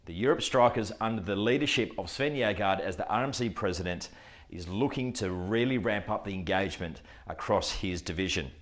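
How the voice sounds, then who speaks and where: A man hosting a corporate show, with energetic, punchy announcer delivery. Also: lowish voice, a little fast. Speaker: host. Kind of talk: upbeat corporate show presenting.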